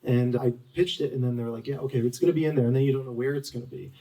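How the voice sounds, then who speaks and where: A man in his forties tells stories as the guest at a bookstore event. He rambles, with lots of "like" and restarts, in a dark, mellow tone. The mic sits at some distance. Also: medium pitch, fairly even intonation, racing. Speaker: author guest. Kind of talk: storytelling at a live book talk.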